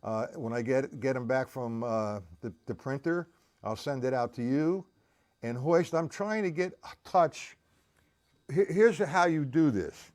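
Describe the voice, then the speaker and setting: A man's voice: mid-range voice, a little slow, darkish tone. Man teaching drums on a live stream. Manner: counts beats aloud, chats with viewers. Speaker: drum teacher. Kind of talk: live-streamed drum lesson. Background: drums played while talking.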